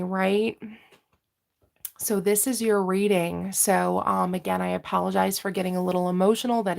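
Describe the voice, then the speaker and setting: A woman's voice: medium pitch, creaky. A woman tarot reader giving a livestreamed reading, speaking intimately and earnestly to her audience as a collective.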